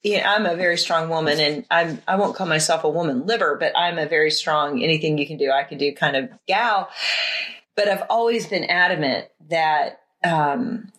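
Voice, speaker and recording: A woman co-hosting a casual Bible study talk, reading scripture and retelling it with lively, playful asides. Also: sits low, normal speed. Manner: animated, acts out scenes with playful voices. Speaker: podcast co-host.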